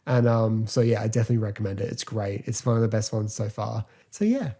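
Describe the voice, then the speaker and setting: Mellow, chatty man hosting a podcast. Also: lowish voice, slightly rough. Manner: chatty, rambling, filler-heavy, quick to laugh. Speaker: podcast host. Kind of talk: casual solo podcast review.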